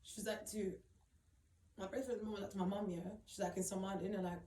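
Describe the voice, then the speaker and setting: A woman's voice: medium pitch, a little fast, dark tone. A young woman telling her own painful story, tearful and upset, rambling and repeating herself with emphatic slang. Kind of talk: emotional personal testimony. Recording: roomy, mic at a distance.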